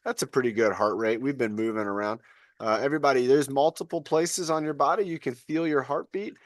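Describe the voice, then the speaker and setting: A man's voice: medium pitch, brisk, no room sound, clean studio sound. A man coaching a live online fitness class over a video call, chatty and encouraging.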